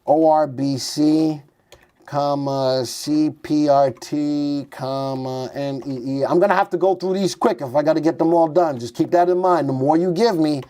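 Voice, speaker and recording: A man's voice: medium pitch, warm tone. A man hosting a stock market show, chatty and thinking aloud as he types in tickers and reads charts live.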